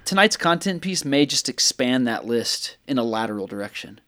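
A man's voice: mid-range voice, big pitch swings, moderate pace, sharp tone. A man co-hosting a podcast in casual chat, playful with mock-dramatic buildups. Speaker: podcast co-host.

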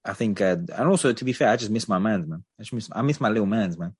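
A man co-hosting a podcast, chatting casually and giving animated opinions with plenty of hedging. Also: lowish voice, quick pace, breathy edge, no room sound. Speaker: podcast co-host.

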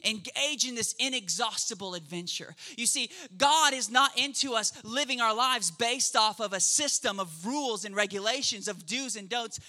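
A man's voice: very high-pitched, moderate pace, few pauses. A man preaching a sermon in a conversational way, checking in with the crowd and acting out quoted voices. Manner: acts out quoted voices in a lively way. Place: church service.

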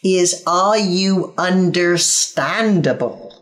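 Dorset-accented woman, a speaking coach, unhurried and blunt, guest on an interview. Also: fairly low pitch. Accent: Dorset English. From England. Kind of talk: interview conversation.

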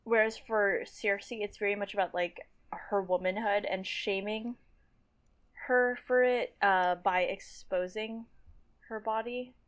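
A woman's voice: medium pitch, steady tone, unhurried. A woman co-hosting a podcast, chatting casually about a book with lots of filler words. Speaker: podcast co-host.

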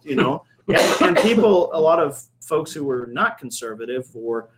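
A man's voice: on the high side, very animated, fairly quick, hardly any pauses, rough recording. A middle-aged man, a coffee shop owner, telling a rambling anecdote in casual chat, with many fillers and restarts.

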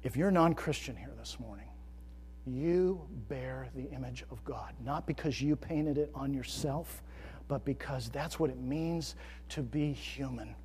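A middle-aged man preaching a sermon as a pastor, moving between loud, emphatic declarations and quiet, conversational asides. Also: mid-range voice, measured pace, long reverb tail, slight background noise.

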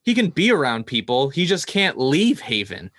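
A man co-hosting a podcast in casual chat, wry and quick to laugh, with lots of "like". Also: fairly high pitch, big pitch swings, fairly bright tone, no room sound, studio quality. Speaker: podcast co-host.

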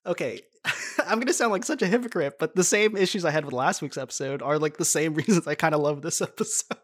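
A woman co-hosting a casual podcast chat, animated and laughing often as a self-described nerd. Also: deep voice, fast. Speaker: podcast co-host.

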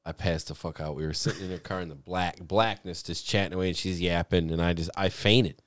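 A man's voice: low-pitched, fairly even intonation, a little fast, fairly bright tone, no echo, studio quality. A young man co-hosting a podcast, chatting casually, swearing constantly and laughing through his stories. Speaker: podcast co-host. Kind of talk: casual chat.

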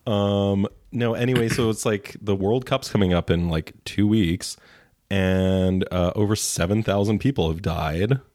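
A man's voice: on the low side, unhurried, a little mellow, no echo, studio quality. A man co-hosting a casual chat, snarky and ranting, swearing freely. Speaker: podcast co-host.

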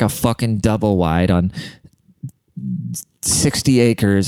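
A man's voice: on the low side, warm tone, clear, resonant tone, no echo. A young man rambling in a casual, profane, self-deprecating monologue as a podcast host.

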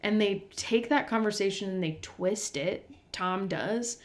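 A woman's voice: mid-range voice, measured pace. A young woman chatting as co-host of a recap podcast. She talks in loose run-on sentences packed with "like," building on her partner's points in an easygoing way. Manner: chatty, lots of "like" fillers, laughs along. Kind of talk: casual recap chat.

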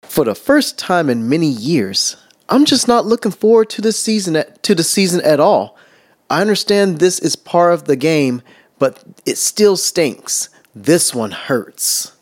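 A man's voice: fairly high pitch, sing-song, unhurried. A man co-hosting a casual chat, reading comments aloud with dry, wry remarks. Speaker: podcast co-host.

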